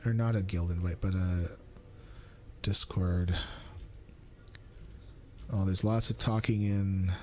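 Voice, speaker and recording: A man's voice: low voice, fairly even intonation, takes it slowly, pauses often, darkish tone, slight background noise. A man live-streaming a game in casual chat, thinking aloud, mumbling asides and teasing himself. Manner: self-mocking and playful.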